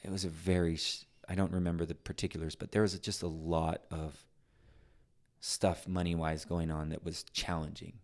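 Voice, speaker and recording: A man's voice: sits low, normal speed. A middle-aged man, a podcast guest, telling stories in conversation, acting out voices and often restarting his sentences. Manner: animated, acts out voices in anecdotes; frequent restarts and trailing phrases. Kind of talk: storytelling in conversation.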